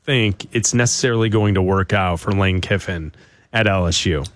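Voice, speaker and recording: A man's voice: deep voice, normal speed, no echo. A man hosting a sports radio show, chatting casually and giving his opinions with frequent fillers. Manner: hesitant, opinionated, with many fillers.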